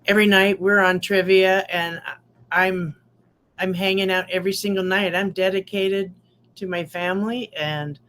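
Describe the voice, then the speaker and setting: A woman's voice: fairly low pitch, fairly bright tone, a little hiss or hum. Rambling heartfelt older woman. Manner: heartfelt, rambling, trailing restarts. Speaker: community member giving testimonial. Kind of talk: casual heartfelt testimony.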